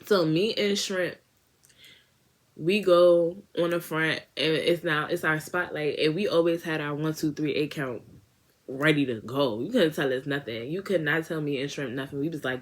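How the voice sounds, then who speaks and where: A young woman tells a storytime to her viewers in a lively, slangy way. Her speaking voice sits a little low, and she keeps jumping into quoted voices of her friends. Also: normal speed. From Washington, D.C. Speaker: beauty vlogger. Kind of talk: casual storytime.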